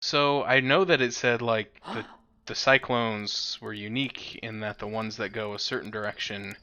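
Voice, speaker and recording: A male streamer giving chatty, excitable gameplay commentary at home and talking back to his cat now and then. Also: fairly low pitch, normal speed, muffled recording.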